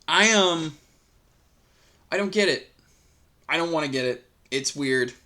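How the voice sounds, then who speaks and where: A man's voice: on the high side, expressive, measured pace, pushed and bright. A man reading an online story aloud, then giving a heated, profane commentary full of restarts and repeats.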